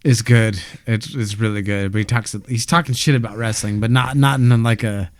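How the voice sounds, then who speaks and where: A man's voice: fairly low pitch, fairly even intonation, normal speed, no room sound. A man hosting a podcast, chatting casually and agreeably, chiming in with short remarks. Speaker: podcast host.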